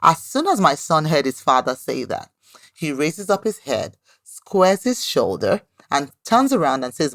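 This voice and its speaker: A woman in her thirties hosting a podcast, giving a motivational talk with lively storytelling and a frequent questioning "right?". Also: on the low side, moderate pace, no echo, studio quality. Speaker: podcast host.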